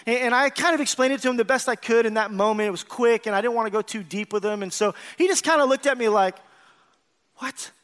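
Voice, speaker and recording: Male pastor, very high-pitched, earnest sermon delivery, emphatic swells and quiet asides, calls out to the congregation. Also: fast, hardly any pauses.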